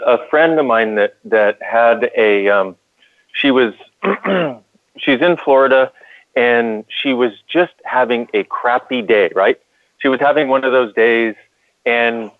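A man's voice: medium pitch, no room sound, phone-quality sound. Man, earnest call-in co-host, restarts his sentences a lot, thin phone sound, dead dry. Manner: earnest storytelling with many restarts. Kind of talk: call-in radio talk.

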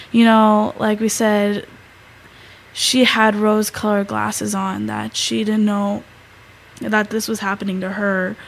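A teenage girl co-hosting a talk show, telling a story in a halting way, with many fillers and restarts. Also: medium pitch, poor audio. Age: teens. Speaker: co-host. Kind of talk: casual storytelling.

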